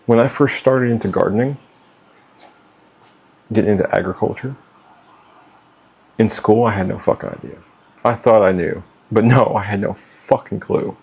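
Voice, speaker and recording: A middle-aged vlogger offers life advice straight to camera, unscripted, blunt and full of swearing. His low, gravelly, husky voice has a darkish tone, and he stumbles, pausing and restarting as he searches for words.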